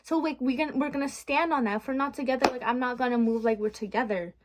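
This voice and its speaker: A woman's voice: high voice, fast talker, noisy background. A young adult woman vlogging from her bedroom, rambling frankly and venting with swearing in a casual chat.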